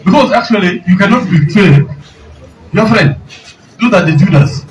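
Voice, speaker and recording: A man's voice: high voice, expressive, moderate pace, a faint crowd. A man with a Ugandan English accent, speaking as a candidate at a press conference and recounting exchanges. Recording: distant mic, noisy outdoor ambience.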